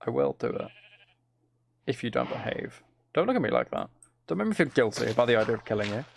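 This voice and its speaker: A man's voice: mid-range voice, big pitch swings, quick pace, gravelly, slight background noise. A man chatting casually with his live-stream audience while he plays a game, rambling, joking and teasing viewers.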